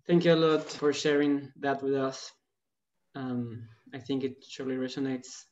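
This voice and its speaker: A woman with a very low voice moderates an online meeting, calm and polite as she hands the floor to speakers. Her voice comes through a muffled, lo-fi video call. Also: moderate pace.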